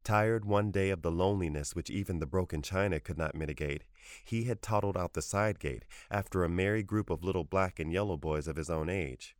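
A man narrates a short story in a very low, measured voice. The recording is dry and close with no room around it. His reading is even and unhurried. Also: no echo.

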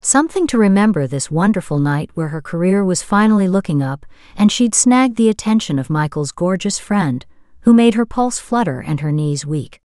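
A woman narrating a romance novel as an audiobook, in a smooth, steady storytelling manner. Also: on the low side, normal speed, dry recording, studio quality.

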